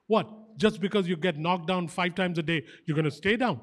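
A pastor delivers a fervent sermon in a high-pitched male voice. He drives points home by repeating short phrases with emphatic insistence. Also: moderate pace. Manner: fervent, animated exhortation.

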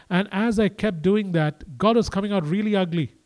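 A man with a high voice delivers a sermon in a loose, conversational way. He swings from hushed, intimate passages to emphatic, lifted ones, and talks to his listeners as casually as he would to friends. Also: normal speed. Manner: animated, swings between quiet and emphatic. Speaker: preacher.

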